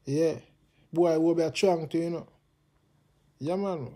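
A man's voice: a little high, a little slow, warm tone. A Jamaican man from Jamaica, hosting his own channel, ranting casually and passionately in heavy patois, repeating himself. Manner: impassioned, repetitive, patois-heavy. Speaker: channel host. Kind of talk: casual political rant to camera.

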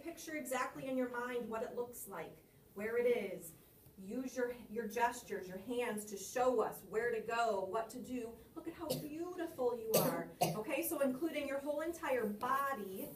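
A woman's voice: on the high side, reverberant, distant mic, a little hiss or hum. A woman teacher coaching a student on reciting a poem, encouraging and asking guiding questions.

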